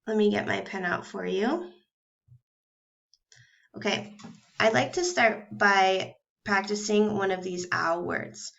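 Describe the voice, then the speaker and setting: A woman teaching a recorded first grade reading and grammar lesson, speaking slowly and clearly and sounding out letters one at a time with patience. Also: mid-range voice, fairly bright tone, dull audio. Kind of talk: recorded phonics and grammar lesson for young children.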